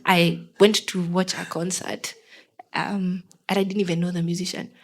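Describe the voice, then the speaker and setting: Young Kenyan woman, guest singer. Relaxed interview chat in a Kenyan accent, animated and expressive, acts out the people in her stories. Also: lowish voice, moderate pace, rough recording. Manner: lively storyteller who acts out the people she quotes.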